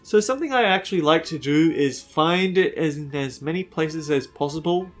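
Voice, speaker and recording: A man's voice: on the high side, normal speed. A man hosting a let's play, giving casual gameplay commentary in a chatty, musing way with frequent hesitations. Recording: faint game music behind.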